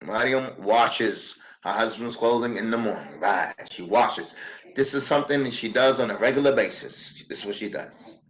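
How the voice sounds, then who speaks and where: A man teaching a religious class, animated, repeating himself and acting out quotes. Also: mid-range voice, moderate pace, highs cut off. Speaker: Arabic teacher.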